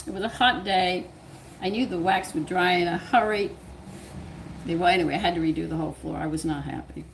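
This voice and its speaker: An older woman with a Southern US accent, a cooking channel host, telling a home story in casual, animated talk and laughing often. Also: on the low side, vocal fry, a little hiss or hum. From American South. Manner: animated, laughs often, swings loud and quiet.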